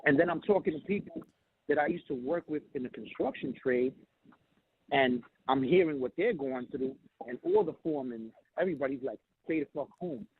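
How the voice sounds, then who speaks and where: A caller phones in from a train, talking bluntly, swearing, and mimicking what other people said in his stories. His voice is on the high side, animated, slightly fast, and gravelly, coming through a tinny phone line over train noise.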